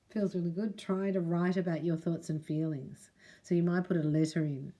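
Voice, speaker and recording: Woman, middle-aged, spiritual reader, casual to camera, chatty, speaks to the viewer directly, lowish pitch. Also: fairly even intonation, moderate pace, mellow. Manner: chatty, addresses the viewer directly, reads prayers aloud. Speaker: spiritual reader and Reiki teacher.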